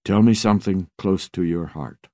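A man doing a high sing-song old professor. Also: normal speed, a little mellow, no echo, studio quality, natural voice. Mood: wry, blunt. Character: dying old male professor, wry and blunt.

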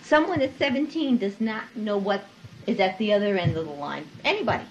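A woman's voice: mid-range voice, expressive, fairly quick, slight background noise. A middle-aged mother speaking firmly and lecturing in a family argument. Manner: firm, lecturing. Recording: dull lo-fi home recording.

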